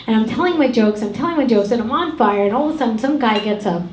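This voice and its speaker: A woman's voice: a little high, lively intonation, fast, slight background noise. A middle-aged woman doing a brash, profane stand-up set on a comedy club stage. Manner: brash, profane, ranting delivery. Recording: echoey club with loud crowd.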